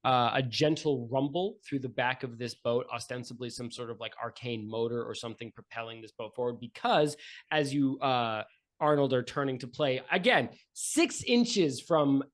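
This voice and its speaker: A man runs a tabletop game in a middle-pitched voice. His narration is casual and joking, and full of "uh" and "like". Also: moderate pace. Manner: casual and joking, with many fillers. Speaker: game master.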